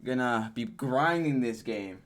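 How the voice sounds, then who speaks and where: A man talking over a game trailer in a loose, sarcastic way. He mixes slang and swearing into his blunt comments, and his voice sits at an ordinary middle pitch. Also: lively intonation, a little slow. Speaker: streamer reacting to a game trailer. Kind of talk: casual reaction commentary.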